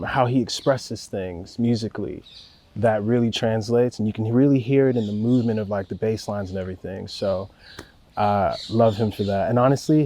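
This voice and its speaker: In a casual interview, a young record producer with a lowish voice speaks calmly and warmly. He's laid-back and rambling, swearing freely as he praises the people he works with.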